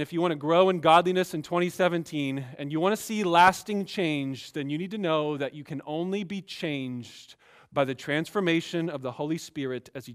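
A man preaching a sermon as pastor, emphatic, swinging between quiet asides and raised exhortation. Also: fairly high pitch, smooth.

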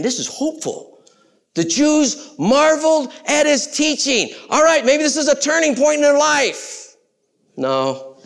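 A male pastor delivers a sermon in a fairly high voice. He is animated, swinging between loud exclamations and quiet, hushed asides. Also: vocal fry.

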